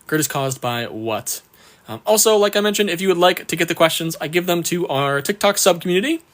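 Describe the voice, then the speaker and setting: A man's voice: high voice, a bit bright. A man teaching on a live stream, going through exam questions one by one and cheerfully thanking viewers, with a bout of hiccups. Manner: upbeat, reads questions slowly, thanks viewers often. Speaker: exam prep tutor.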